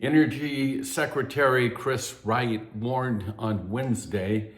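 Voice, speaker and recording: A man hosting a news commentary, measured and emphatic, dropping low and soft on key phrases. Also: fairly even intonation, roomy sound. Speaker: host of a news commentary update. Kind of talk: news commentary with scripture references.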